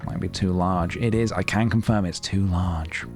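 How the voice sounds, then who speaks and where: A man's voice: deep voice, normal speed, a little mellow, faint music behind. A man in his thirties chatting casually on a live stream, playful and rambling as he talks himself through his work. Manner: playful, rambling, talking to himself while working.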